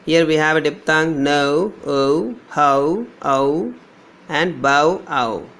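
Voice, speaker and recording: Male English teacher, Telugu-Indian accent, slightly high gravelly voice, slow deliberate sound drills. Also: fairly bright tone. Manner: slow, drawn-out modelling of each sound, repeating words. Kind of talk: pronunciation lesson.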